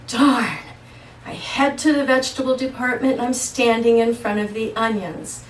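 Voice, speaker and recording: A woman holistic practitioner telling personal stories in a casual monologue, slow, emphatic and earnest. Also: on the high side, fairly even intonation, far from the mic, slight background noise. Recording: echoey room, voice away from mic.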